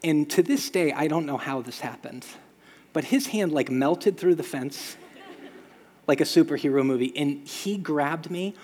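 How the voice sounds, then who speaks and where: A man preaching a sermon as pastor, telling stories with lively sound effects. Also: on the high side, unhurried, big-room sound. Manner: storytelling, animated with sound effects.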